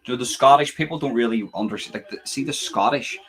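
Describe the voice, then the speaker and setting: A man's voice: mid-range voice, fast talker, a bit bright. A young man hosting a live fight reaction stream, rambling chattily with lots of fillers and casual swearing.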